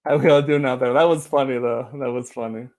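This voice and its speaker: A man hosting a live-streamed podcast, chatty and quick to laugh as he talks to his guest and viewers. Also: medium pitch, fairly even intonation, darkish tone. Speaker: podcast host. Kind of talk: live-streamed casual interview.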